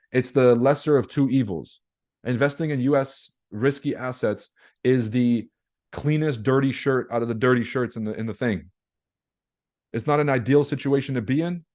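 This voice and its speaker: A man's voice: medium pitch, a little mellow. Blunt, slangy man. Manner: blunt, slangy, profane, rhetorical questions to the audience. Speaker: trading webinar host. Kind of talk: casual livestream market commentary.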